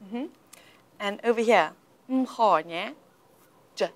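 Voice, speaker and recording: A woman's voice: medium pitch, slow pace. A woman coaching English pronunciation in a live lesson, patiently drilling words and often dropping to a whisper.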